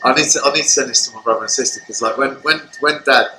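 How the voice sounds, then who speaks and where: A man in his thirties chats casually on a podcast as the chef guest, rambling with plenty of fillers and restarts. The sound is echoey, with steady background noise from the restaurant around him. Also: medium pitch, rapid-fire. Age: 30s.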